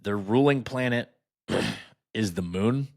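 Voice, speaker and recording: Sarcastic low-voiced podcast host. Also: male voice, lively intonation, slow pace, vocal fry. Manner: mocking, riffing, asides. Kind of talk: casual sarcastic commentary.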